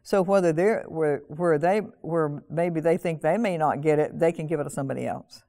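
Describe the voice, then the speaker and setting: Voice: mid-range voice, moderate pace, vocal fry, dark tone, dry recording, studio quality. A pastor preaching a sermon in an earnest manner, often repeating phrases and reading scripture aloud with a raised voice.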